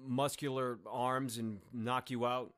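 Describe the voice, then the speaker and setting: A young man as a guest in a casual podcast chat, deadpan and joking, with frequent swearing. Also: mid-range voice, takes it slowly.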